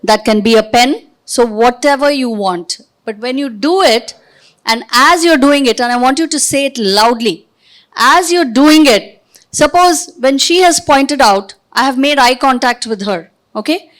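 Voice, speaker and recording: A woman from India runs an interactive training session as a workshop trainer, speaking into a podium microphone before a live audience in a training room. Her voice is high, bright and animated, and she directs the room by firing quick questions at them.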